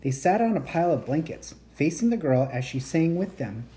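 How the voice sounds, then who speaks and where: Low-voiced woman reading a storybook. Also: sing-song, brisk, warm tone. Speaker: reader. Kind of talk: reading a children's chapter book aloud.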